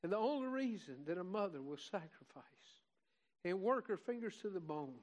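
A man's voice: fairly high pitch, poor audio. An older man preaching a heartfelt Mother's Day sermon, rising to fervent emphasis. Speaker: pastor.

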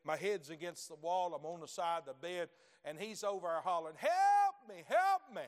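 A middle-aged man, preaching a sermon in folksy storytelling fashion, dropping to low asides and then climbing to loud shouted peaks. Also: steady tone, brisk. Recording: long hall reverb.

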